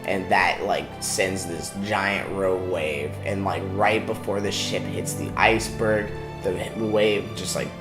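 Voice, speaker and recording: A man's voice: sits low, fairly even intonation, unhurried, few pauses. A man hosting a comedy show, retelling a movie in a loose, rambling way full of "like". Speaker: show host. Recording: echoey room with loud music.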